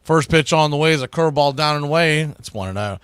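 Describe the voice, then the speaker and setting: A man calling a live baseball game pitch by pitch, often correcting himself mid-sentence. His voice is bright and a little high. The sound is close and dry. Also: animated, quick pace, clear, resonant tone, no room sound. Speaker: baseball play-by-play announcer. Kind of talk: live play-by-play commentary.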